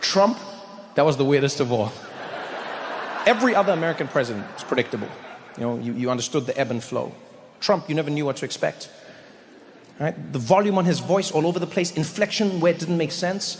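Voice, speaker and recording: A man doing stand-up comedy on stage, animated and mock-indignant. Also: a little high, brisk, pauses often. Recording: echoey hall with background noise.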